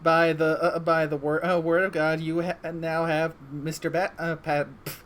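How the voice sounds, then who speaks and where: A man acting as game master in a casual online role-play session, talking in a halting way with many restarts. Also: on the high side, little pitch movement, fairly bright tone. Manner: halting, full of restarts and ums. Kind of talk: casual chat over voice call.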